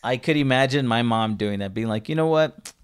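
A man's voice: medium pitch, fairly quick, clean tone. A young man co-hosting a casual podcast, rambling and stumbling over his words with frequent laughs. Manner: rambling, self-interrupting, laughs often. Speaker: podcast co-host.

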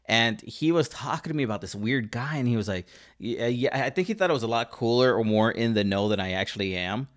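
A man from Southern California telling a story in casual chat, rambling and halting with many fillers and restarts. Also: medium pitch.

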